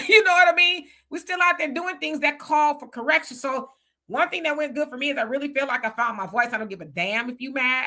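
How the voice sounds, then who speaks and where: A woman in her fifties talking casually on a panel, blunt and animated, often acting out quoted voices. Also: high voice. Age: 50s. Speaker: panel guest. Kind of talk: casual chat.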